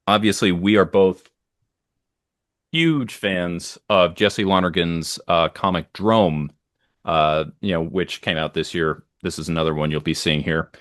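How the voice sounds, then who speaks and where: A deep-voiced man talks eagerly and at length, circling back with fillers as he goes. His voice is low and close, with no room around it. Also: measured pace, a bit bright, no echo. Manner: enthusiastic, rambling with many fillers. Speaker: podcast co-host. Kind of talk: casual chat.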